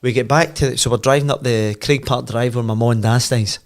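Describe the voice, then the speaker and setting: A man's voice: medium pitch, a little fast. Laughing Glaswegian man spinning a yarn. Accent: Scottish, Glasgow. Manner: animated, laughs and swears freely while telling. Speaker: podcast guest, former footballer. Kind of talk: casual anecdote storytelling.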